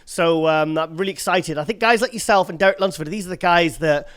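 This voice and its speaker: A man's voice: fairly high pitch, a little fast, fairly bright tone, smooth, dry recording, studio quality. A man, hosting a podcast and talking in a casual, rambling way with many restarts and fillers. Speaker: podcast host. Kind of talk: casual chat.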